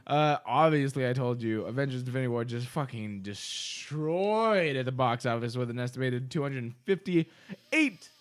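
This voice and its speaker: Tipsy and relaxed, this young podcast co-host laughs and curses his way through casual drinking-show banter. He speaks at a normal pace with a medium pitch and lively intonation.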